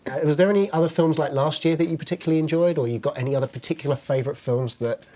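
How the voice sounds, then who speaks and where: A man's voice: fairly high pitch, very fast, warm tone, slight background noise. A man hosting a casual chat, quizzing his guest playfully and laughing along. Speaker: host.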